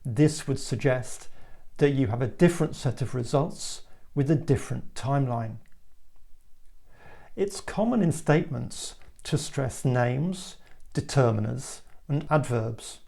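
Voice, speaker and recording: A man teaching a spoken English lesson, explaining word stress clearly and acting out example sentences. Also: medium pitch, animated, a little slow, dark tone.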